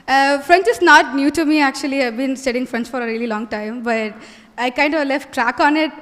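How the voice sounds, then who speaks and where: A woman's voice: high-pitched, fairly quick, a bit bright. A young woman student giving eager spoken feedback, mixing in French phrases. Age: young adult. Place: college hall. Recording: hall reverb.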